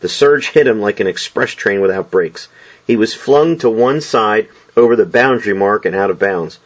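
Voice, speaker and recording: A man narrating a novel as an audiobook with an expressive, dramatic delivery. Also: lowish voice, normal speed.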